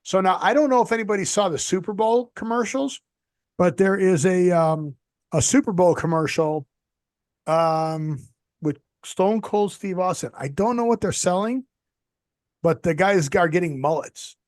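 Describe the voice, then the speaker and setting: A man with a somewhat high voice chats casually as co-host over a video call. He rambles through his points and drops deadpan jokes. The sound is close and dry, with no room around it. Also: normal speed, dry recording. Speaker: podcast co-host.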